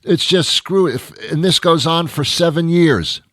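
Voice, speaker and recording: A man's voice: a little high, unhurried, fairly bright tone, no room sound, clean studio sound. A man hosting a comedy show, delivering a rambling, grumbling monologue with stammered restarts.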